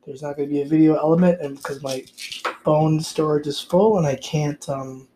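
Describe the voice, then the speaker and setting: A man's voice: on the high side, fairly even intonation, moderate pace, background noise. A man hosting a casual solo podcast, talking in a rambling, confessional way and swearing often, recorded on a phone. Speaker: podcast host. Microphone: iPhone recording.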